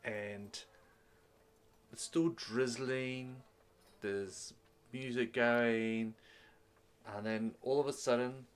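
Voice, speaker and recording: A man's voice: mid-range voice, steady tone, drawn-out words, long pauses, clear, resonant tone. A man narrating a tabletop game as game master, in a rambling, descriptive way with many fillers.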